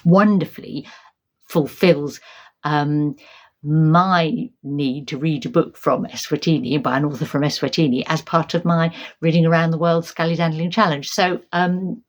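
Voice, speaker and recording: A woman with a notably low voice talks to camera about her reading in a loose, friendly way. She wanders through her thoughts with plenty of ums, repeated words and false starts, sounding middle-aged and unhurried. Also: fairly even intonation. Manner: chatty, hesitant, many ums and restarts. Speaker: book vlogger. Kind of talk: casual book chat to camera.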